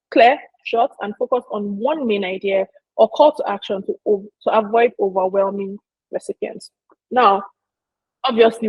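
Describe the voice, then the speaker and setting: A woman teaches an informal marketing lesson, chatty and emphatic as she addresses her listeners directly. Her mid-range voice has a darkish, slightly rough tone, and the dry recording is of poor quality.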